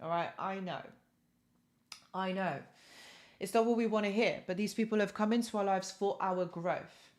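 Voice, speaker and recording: A woman's voice: medium pitch, moderate pace, long pauses, a little mellow. A woman hosting a live stream, giving encouraging motivational talk and thanking viewers by reading their comments.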